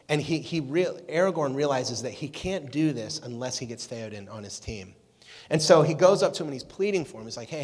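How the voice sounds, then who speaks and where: A man giving a youth sermon as a pastor, telling stories casually and animatedly and often checking in with "right?". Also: a little high. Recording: echoey hall reverb.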